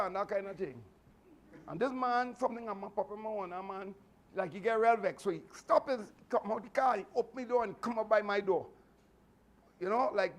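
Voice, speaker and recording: A man's voice: sits high, brisk. Chatty Trinidadian man telling stories. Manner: animated, chatty, laughing asides. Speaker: martial arts instructor. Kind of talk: storytelling speech to a class.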